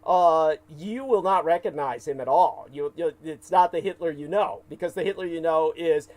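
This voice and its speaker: A man's voice: fairly high pitch, normal speed, hardly any pauses, darkish tone, poor audio. A man co-hosting a livestream, talking at length in a hesitant, rambling way full of fillers and restarts. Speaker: livestream co-host.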